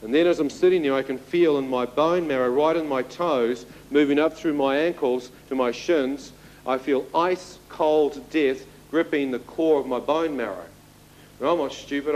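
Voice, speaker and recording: A man's voice: medium pitch, moderate pace, slight background noise, rough recording. Man vividly telling his story. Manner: vivid storytelling with audience asides. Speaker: testimony speaker. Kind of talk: spoken testimony to an audience.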